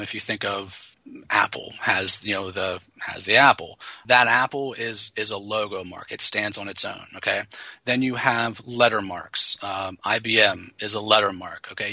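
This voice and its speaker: Man, podcast co-host and designer, casual explainer, bright forceful tone, dry close sound. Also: fairly low pitch, no echo. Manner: halting, many restarts and fillers. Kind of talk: casual chat.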